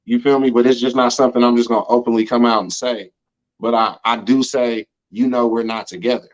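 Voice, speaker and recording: American man, mid-pitched voice, slangy storytelling, dull lo-fi recording. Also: fairly even intonation, a little fast. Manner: loose and slangy, full of "you know what I'm saying" asides. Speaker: interview guest. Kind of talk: casual storytelling chat.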